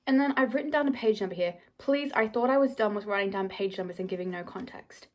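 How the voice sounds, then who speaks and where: A woman's voice: medium pitch, fast, hardly any pauses. A young woman vlogging casually about books, chatty and rambling with lots of fillers. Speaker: book vlogger. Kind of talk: casual vlog chat.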